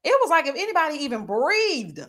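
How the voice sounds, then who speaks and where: Sassy high-voiced woman live-streamer. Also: a little fast. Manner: sassy, animated, says honey and child a lot. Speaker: YouTube live-stream host. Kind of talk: casual live commentary.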